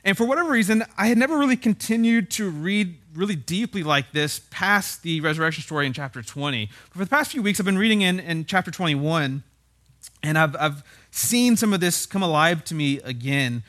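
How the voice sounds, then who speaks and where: A man's voice: high voice, lively intonation, brisk, a bit bright. A man preaching a conversational sermon as a pastor. He speaks in a casual, wry way and keeps checking in with tag questions.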